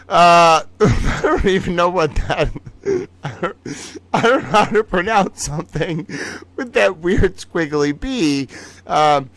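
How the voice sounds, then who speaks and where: Giggly high-voiced man hosting a stream. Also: animated, measured pace, fairly bright tone, no echo. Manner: giggly, laughs often between phrases; playful, chatty, talks to his stuffed toys. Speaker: livestream host running a trivia game. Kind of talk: casual live-stream chat.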